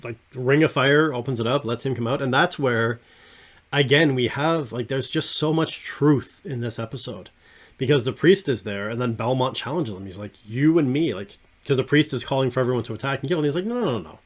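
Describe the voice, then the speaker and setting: A man of ordinary pitch hosts a casual podcast, sharing an enthusiastic breakdown. He rambles and restarts, and his voice sinks softer as each thought winds down. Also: a little fast. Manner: enthusiastic, rambling, trails off quietly at phrase ends. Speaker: podcast host. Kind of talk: casual discussion of an animated series.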